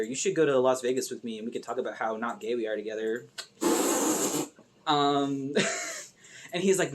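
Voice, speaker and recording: A young woman casually recapping a movie with sarcastic, animated commentary and lots of fillers. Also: rumbling low, a little fast. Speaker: video essay host.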